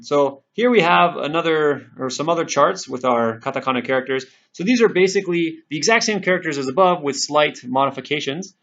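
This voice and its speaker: A man's voice: on the high side, fairly bright tone, lo-fi sound. A man teaching a language lesson over screen slides, patiently explaining and drilling syllables aloud one by one. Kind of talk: screen-recorded lesson narration.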